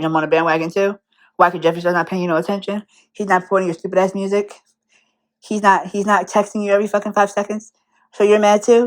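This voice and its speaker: A young woman in an angry, profane rant, firing rhetorical questions at the person she is calling out. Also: fairly low pitch. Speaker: commentary vlogger.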